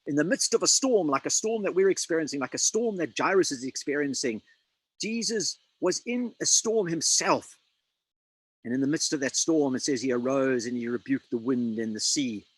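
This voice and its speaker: A man preaching a sermon, dramatic and emphatic, quoting scripture with slow pauses. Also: medium pitch, fairly bright tone, slightly rough, no room sound, rough recording.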